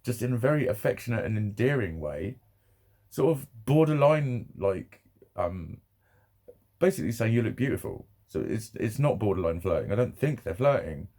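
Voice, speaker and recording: A man speaks in a low, gravelly voice with a dark, mellow tone. He rambles emotionally through a personal vlog, close to tears, laughing often and swearing freely. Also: animated, normal speed. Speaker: vlogger.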